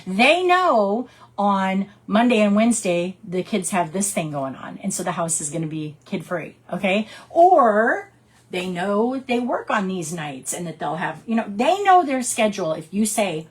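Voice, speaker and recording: A woman who works as a direct sales consultant, giving her team casual coaching and acting out customer conversations in lively quick put-on voices. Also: medium pitch, slightly rough. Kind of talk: casual training talk with storytelling.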